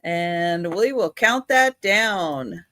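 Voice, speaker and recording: A woman's voice: fairly low pitch, no room sound, clean studio sound. A woman co-hosting a live sale, counting down the auction bids. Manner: lively, drawn-out auction countdown. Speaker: co-host running the auction.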